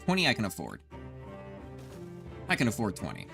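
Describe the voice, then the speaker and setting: A man's voice: on the low side, huge pitch swings, moderate pace, creaky. A man in his thirties giving casual, rambling gameplay commentary as a streamer, swearing often and talking to his chat. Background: background music.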